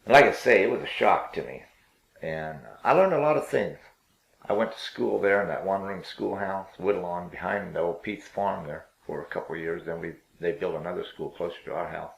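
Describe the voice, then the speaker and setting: An older man telling his life story in a rambling, halting way, with many fillers and restarts. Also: low voice, creaky, echoey room, rough recording. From Pennsylvania.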